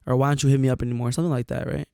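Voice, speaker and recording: A young man with a gravelly, creaky voice who tells stories on a podcast, loose and profane, acting out everyone's lines. His pitch sits in the middle range. The sound is dry and close. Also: rapid-fire, dry recording. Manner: animated, profane storyteller acting out quotes. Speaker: podcast co-host. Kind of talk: casual storytelling chat.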